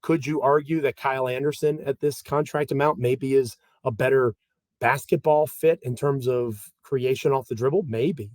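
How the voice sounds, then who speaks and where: A man's voice: medium pitch, fairly even intonation, moderate pace, darkish tone, no room sound. Male podcast host, mid-range voice, emphatic and conversational delivery, dry close recording. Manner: emphatic, conversational, uneven pace. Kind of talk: solo sports analysis podcast.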